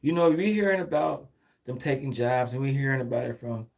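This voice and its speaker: A man in casual street talk, animated, acting out exchanges in shifting voices. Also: mid-range voice, a little fast, vocal fry, lo-fi sound. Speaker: street commentator.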